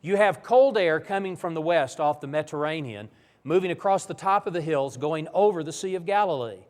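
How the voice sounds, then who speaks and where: A man's voice: fairly high pitch, fairly quick, in a large hall. A man preaching a Bible lesson in a church, telling the stories vividly. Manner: animated, vivid storytelling. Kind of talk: sermon-style Bible lesson.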